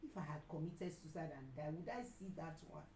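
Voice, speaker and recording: A woman's voice: sits low, lively intonation, a little fast, slight background noise. Emphatic Nigerian woman preaching in an echoey room. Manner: repetitive and emphatic, with sudden loud outbursts. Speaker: pastor and counselor. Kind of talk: sermon.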